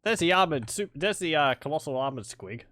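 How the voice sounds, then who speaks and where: A man's voice: a little high, lively intonation, fairly quick, bright, forceful tone, dry recording, studio quality. A man giving casual, wry let's-play commentary on a strategy game, chatting and laughing along.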